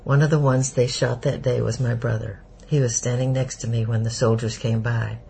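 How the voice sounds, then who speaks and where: A man's voice: medium pitch, little pitch movement, normal speed, gravelly, mellow, a little hiss or hum, lightly acted, poor audio. A man voicing a weary old German refugee. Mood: grim. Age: older. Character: elderly Jewish male refugee, grim and bitter. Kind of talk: audiobook character voice.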